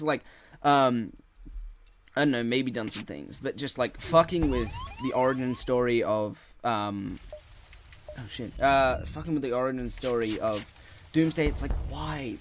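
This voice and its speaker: A man's voice: mid-range voice, slight background noise. A man hosting his own gaming channel, ranting in a casual solo podcast with many filler words and frequent swearing. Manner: rambling, frustrated, heavy swearing and filler words.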